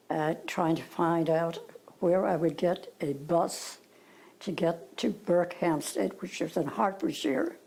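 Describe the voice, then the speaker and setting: A woman's voice: lowish voice, creaky, warm tone, a little hiss or hum, poor audio. An older woman with an Irish accent, telling stories from her past in a rambling, hesitant way with fillers and asides. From Ireland. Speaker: interviewee. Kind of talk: reminiscing storytelling.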